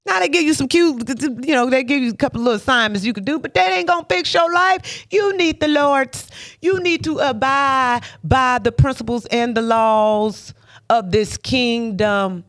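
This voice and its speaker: A woman's voice: high-pitched, animated, moderate pace, fairly bright tone, no room sound. Woman, motivational faith speaker, emphatic preacher cadence, dry close sound. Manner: emphatic, repetitive, preacher-like with rhetorical questions; laughs often between points.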